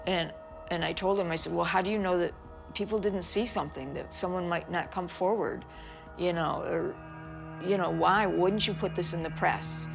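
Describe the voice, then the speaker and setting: A woman's voice: on the low side, normal speed, vocal fry. A middle-aged American woman giving documentary interview testimony, recounting events in an earnest, distressed way. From United States. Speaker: interviewee, mother of a missing son. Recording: music bed under the voice.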